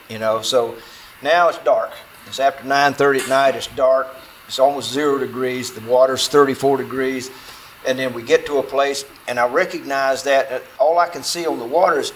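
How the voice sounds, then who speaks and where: A man recounts a true adventure to a group in an easygoing, folksy voice at an ordinary middle pitch. He slips into quoted dialogue and leans on fillers as he builds the tension. A faint hiss sits under the talk. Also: low-quality recording. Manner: folksy, animated, acts out dialogue, filler-heavy. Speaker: storyteller speaking to an audience. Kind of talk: spoken true-story telling.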